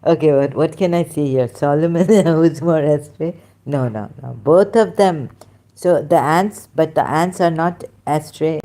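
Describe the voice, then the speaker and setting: A woman reads scripture aloud and comments on it, halting and chuckling at herself. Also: low voice, dark tone. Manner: halting, self-interrupting, chuckling. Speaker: religion critic.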